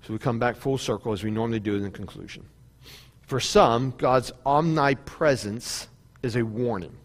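A male pastor preaches in a sermon, his voice carrying a long hall reverb. He moves between fervent, climbing appeals and quieter, conversational storytelling, repeating phrases for emphasis. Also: medium pitch. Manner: preaching with rising fervor and repetition.

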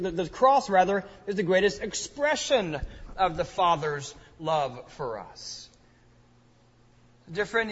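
A man's voice: high voice, a bit bright, long reverb tail, highs cut off. A man preaching an expository sermon as a pastor, earnest, with his voice swelling and dropping in volume.

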